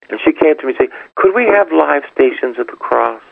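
Older man, parish priest, sermon, gravelly husky voice, emphatic repetitive preaching, tinny radio sound. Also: on the high side, expressive, a little fast, hardly any pauses, dry recording. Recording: tinny phone-like radio broadcast.

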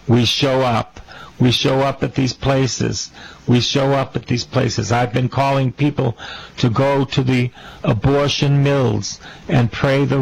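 Gravelly fervent priest preaching. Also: male voice, mid-range voice, low-quality recording. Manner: fervent, repeating phrases for emphasis. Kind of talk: sermon.

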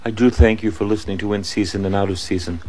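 A man with a very low voice closes his radio program as a priest. He makes a funding appeal and announcements. He says each address and number several times, slowly. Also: fairly even intonation, darkish tone, slight background noise, rough recording. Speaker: Catholic priest, radio host.

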